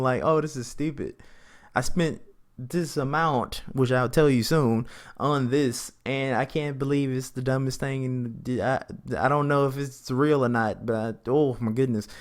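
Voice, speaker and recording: A man's voice: mid-range voice, normal speed. A young man hosting a podcast, telling a rambling, chatty story and acting out both sides of the conversations in a raised voice. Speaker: podcast host. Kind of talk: casual storytelling.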